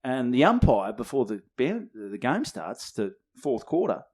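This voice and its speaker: A man's voice: medium pitch, unhurried, breathy edge. A man in his twenties with an Australian accent, co-hosting a comedy podcast and telling a rowdy story full of swearing and acted-out voices. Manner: animated, swears freely, acts out others' lines. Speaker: podcast co-host.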